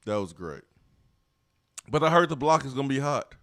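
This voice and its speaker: A man's voice: mid-range voice, expressive, normal speed, a bit bright, no room sound, studio quality. A man co-hosting a sports radio show, playful and laughing often, repeating catchphrases. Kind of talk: casual sports talk chat.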